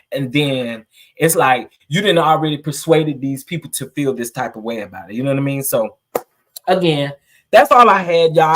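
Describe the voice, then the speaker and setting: A man's voice: on the high side, a bit bright. Emphatic man chatting to viewers. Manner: emphatic, preachy, greets live chatters, emotional. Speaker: vlogger. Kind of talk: casual chat to viewers, live stream.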